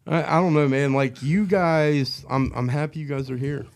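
A man's voice: a little high, fairly even intonation, normal speed, darkish tone. A middle-aged man hosting a podcast, drunk, telling crude stories and joking in casual chat. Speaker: podcast host.

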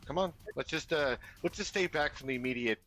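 A man voicing an easygoing young ranch hand, friendly and hurried. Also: on the high side, fairly bright tone, faint music behind, pitched above the performer's own voice, lightly acted.

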